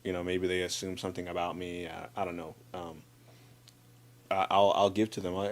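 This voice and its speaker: A man telling personal stories in a casual chat, animated, restarting and repeating words, acting out what friends said. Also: sits low, a little fast. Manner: acts out friends' lines in livelier voice.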